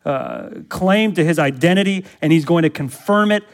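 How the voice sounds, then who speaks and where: A man's voice: fairly high pitch, moderate pace. A male pastor preaching a sermon, emphatic, often quizzing the congregation with fill-in-the-blank questions and repeating words to press his points.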